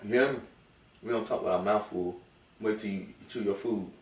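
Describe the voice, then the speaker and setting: Casual male vlogger, playful, soft-spoken father at home; roomy, distant-mic sound. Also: fairly low pitch, moderate pace. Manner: relaxed, playful, often softly spoken. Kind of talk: casual mukbang chat with his baby. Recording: echoey room, mic at a distance, faint noise.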